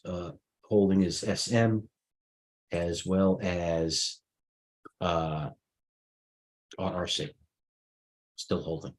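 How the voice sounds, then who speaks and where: A middle-aged man hosting a live market stream, rambling through charts with restarts and fillers. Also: low voice. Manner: rambling, thinks aloud, frequent restarts and fillers. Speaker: stock market livestream host. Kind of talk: casual market commentary over charts.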